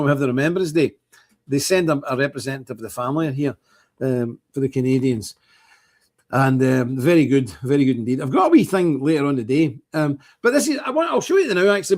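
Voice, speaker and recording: An older man with an Ulster accent, hosting a livestream in rambling, opinionated casual chat, his voice jumping up when he gets animated. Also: medium pitch, breathy edge. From Northern Ireland. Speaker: livestream host.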